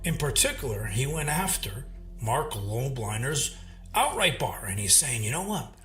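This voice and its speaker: Lively man recapping in roomy echo. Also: medium pitch, unhurried, soft background music. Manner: lively, storytelling recap, mocking. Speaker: commentator recapping drama. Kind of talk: recap narration.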